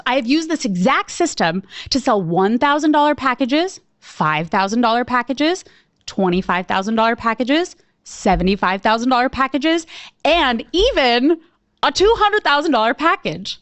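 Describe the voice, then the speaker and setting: High-pitched female coach, lively storyteller, dry close sound, acts out her reactions. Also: no echo. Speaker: sales coach presenting a webinar. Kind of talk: storytelling presentation.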